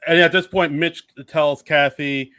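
A man co-hosting a casual movie podcast, recapping the story in a relaxed way. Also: fairly high pitch, measured pace, no echo. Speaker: podcast co-host.

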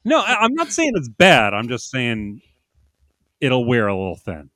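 A man co-hosting a podcast in casual chat, measured and dryly teasing. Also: medium pitch, huge pitch swings, a bit bright, no echo, clean studio sound. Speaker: podcast co-host.

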